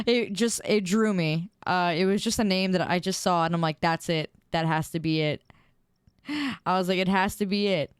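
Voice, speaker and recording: A woman's voice: lowish voice, steady tone, moderate pace, clear, resonant tone, dry recording, clean studio sound. A young woman streamer in casual chat, reading viewer messages aloud and giggling often.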